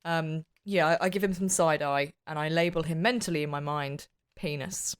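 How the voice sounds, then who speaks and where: A woman's voice: deep voice, brisk, smooth. A woman playing a tabletop game, blunt and joking, with lots of fillers. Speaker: player. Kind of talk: casual in-character chat.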